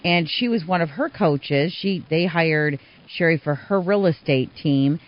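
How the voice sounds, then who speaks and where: A woman hosting a community radio interview show, telling stories in an animated way. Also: low-pitched, unhurried. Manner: animated storyteller, acts out quoted voices. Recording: dull, slightly muffled radio sound.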